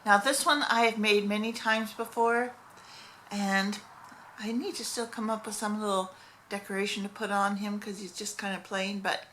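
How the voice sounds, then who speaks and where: A woman's voice: medium pitch, steady tone, moderate pace, bright, forceful tone, a little hiss or hum. A middle-aged woman hosting a casual crochet vlog, rambling with many fillers and correcting herself as she goes. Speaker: crochet vlogger. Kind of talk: casual crochet show-and-tell.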